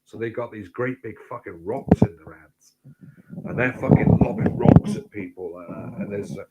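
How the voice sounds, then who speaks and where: A man telling rambling, sweary anecdotes in casual chat, getting louder as the story builds. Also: normal speed, dull audio, very noisy. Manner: sweary rambling anecdotes, gets loud and high when excited. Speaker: host.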